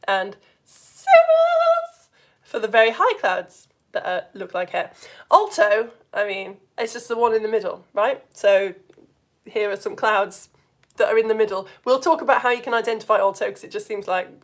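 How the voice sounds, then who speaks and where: A woman with a Yorkshire accent teaching a live science lesson for all ages, lively and playful, slipping into silly voices for the actions. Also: medium pitch. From Yorkshire, England.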